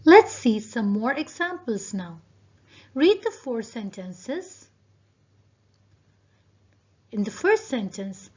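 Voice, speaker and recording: A woman teacher giving a recorded video lesson, speaking deliberately and addressing her students directly. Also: fairly high pitch, sing-song, darkish tone. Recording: dull lo-fi video audio.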